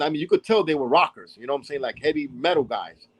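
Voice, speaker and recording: A man's voice: fairly high pitch, animated, fast, a little hiss or hum, poor audio. A man with a New York accent from Brooklyn, telling old stories in an interview, acting out voices and often asking "you know what I'm saying?". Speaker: interview guest, hip hop dance pioneer. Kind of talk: storytelling interview.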